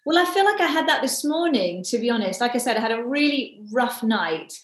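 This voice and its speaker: Brief: female podcast co-host, fairly high voice, chatty storyteller, echoey room. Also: sing-song. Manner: chatty storyteller, quick asides. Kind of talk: casual faith discussion.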